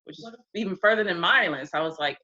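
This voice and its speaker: A woman in her twenties tells stories in a loose, chatty interview and slips into the voices of people she quotes. Her voice is bright and forward. It comes through dull lo-fi video-call audio. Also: fairly low pitch, animated, very fast. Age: 20s. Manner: chatty storyteller, often acts out quotes. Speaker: guest. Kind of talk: casual interview chat.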